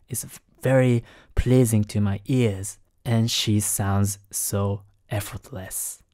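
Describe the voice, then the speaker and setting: A man hosting a lesson on singing technique, explaining in a careful, halting way and keeping his voice down because it is late at night. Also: fairly low pitch, darkish tone, no room sound, studio quality. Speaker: host analyzing singing technique. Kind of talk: explanatory commentary.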